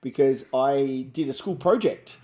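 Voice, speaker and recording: A man's voice: mid-range voice, unhurried, warm tone. A middle-aged man from Australia co-hosting a podcast in casual, jokey banter, laughing often and singing misheard lyrics. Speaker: podcast co-host.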